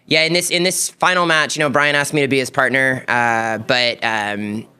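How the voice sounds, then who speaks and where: A man's voice: medium pitch, steady tone, normal speed, bright, forceful tone, clear, resonant tone. A man answering interview questions after a tournament final, hesitant, with many fillers.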